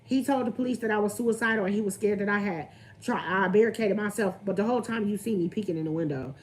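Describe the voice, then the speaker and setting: A woman's voice: medium pitch, fast. A young woman, venting candidly on her livestream and greeting viewers as she talks. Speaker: vlogger on a livestream.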